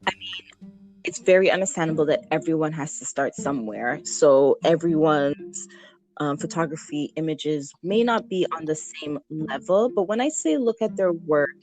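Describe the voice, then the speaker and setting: Guest spot: young adult woman with a lowish voice, chatty and animated, faint music under her. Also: moderate pace. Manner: chatty, animated, laughs often, frequent ums. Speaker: newborn photographer, guest. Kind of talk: casual podcast interview.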